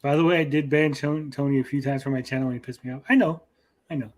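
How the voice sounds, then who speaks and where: A man's voice: medium pitch, fairly even intonation, fast talker, a little mellow. Brief: male stream host, blunt and jokey, reads chat, swears casually. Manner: blunt, joking, swears freely. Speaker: show host reading chat.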